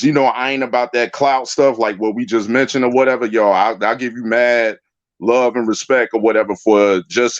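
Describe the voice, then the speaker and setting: A man's voice: medium pitch, no room sound. A man calling into a livestream, talking loosely with lots of slang and fillers. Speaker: guest caller. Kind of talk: casual call-in chat. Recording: dull, lo-fi dry sound.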